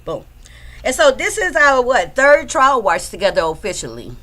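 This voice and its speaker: A woman's voice: a little high, sing-song, normal speed, sharp tone. A woman hosting a casual livestream from home, chatting loosely and greeting her viewers by name. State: a bit out of breath. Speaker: livestream host.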